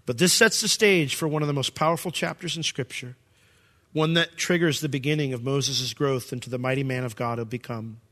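A man preaching a sermon as pastor, reading scripture and acting out the quoted voices with big jumps in pitch. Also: a little fast, fairly bright tone.

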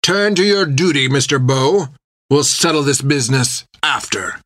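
A man voicing a smug, menacing pirate captain who speaks in a slow, metered, gloating way. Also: medium pitch, fairly bright tone, dry recording, clean studio sound, voice pushed up, close to an everyday voice. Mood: cold, menacing.

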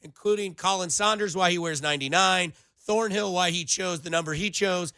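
A young man hosting a sports radio show in a studio, talking in an animated, rambling way full of playful comparisons. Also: high-pitched, normal speed, no echo. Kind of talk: casual sports radio banter.

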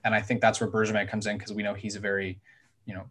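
Man, somewhat low voice, sports panelist, analytical, hedging. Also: flat delivery, fast, a bit bright, a little hiss or hum. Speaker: hockey podcast panelist. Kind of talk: casual sports discussion.

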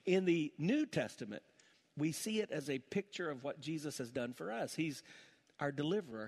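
Preaching a sermon, a middle-aged male pastor recounts a family story before rising to impassioned preaching. His voice is medium in pitch with a darkish tone, heard through long church hall reverb.

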